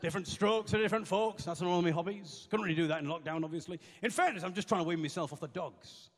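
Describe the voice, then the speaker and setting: A man performing stand-up comedy at a live venue, trading deadpan, self-deprecating banter with the audience. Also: high-pitched, fast. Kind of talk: stand-up comedy with comic songs. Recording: long reverb of a hall.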